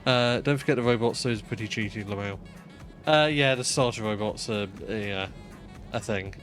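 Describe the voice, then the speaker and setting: A man's voice: lowish voice, moderate pace, a bit bright, faint music behind. A man streaming a game live, chatting casually while he plays. He rambles, swears freely and mocks himself.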